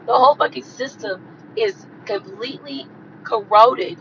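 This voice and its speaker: Hoarse, gravelly woman in a profane rant. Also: a little high, a little slow, muffled recording, slight background noise. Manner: blunt, profane, repeats herself for emphasis. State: hoarse and coughing from a cold. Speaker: tarot reader hosting a livestream. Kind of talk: profane rant on a live stream.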